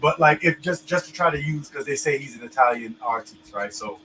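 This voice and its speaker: A man's voice: mid-range voice, a little fast, fairly bright tone, a little hiss or hum, poor audio. A man talking in a loose, emphatic way, full of slang and restarts, as co-host of a casual discussion.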